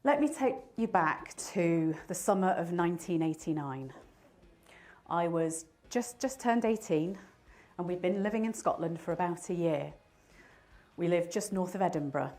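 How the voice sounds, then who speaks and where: A woman's voice: on the low side, lively intonation, normal speed, darkish tone. A woman in her fifties giving a motivational talk, telling a personal story and laughing at herself now and then. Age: 50s. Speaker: motivational speaker.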